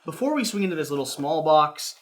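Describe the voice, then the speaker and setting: A man's voice: fairly high pitch, big pitch swings, brisk. A man co-hosting a board game unboxing, easygoing and playful as he walks the viewer through the components. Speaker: co-host.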